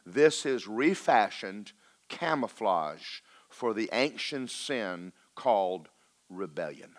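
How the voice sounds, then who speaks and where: Pastor, male, folksy sermon delivery with jokes and drawn-out emphasis. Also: on the low side, lively intonation. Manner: preacherly, folksy and joking, slows for emphasis.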